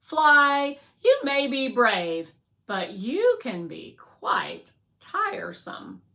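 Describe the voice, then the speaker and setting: A woman's voice: high voice, sing-song, very slow, pushed and bright, voice pushed up, heavily acted. A woman voicing a stiff, formal guardian robot that speaks primly and teases dryly. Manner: prim and formal, dryly teasing.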